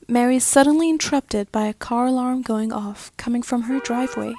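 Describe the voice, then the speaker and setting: Hushed woman narrating a horror story. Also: on the high side, no echo. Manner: hushed, slowing to whispery dread.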